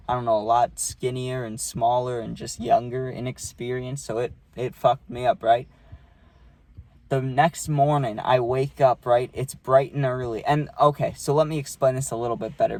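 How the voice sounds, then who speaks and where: A man's voice: medium pitch, a little mellow, no echo. A young man vlogging a casual storytime, rambling and swearing, with many fillers.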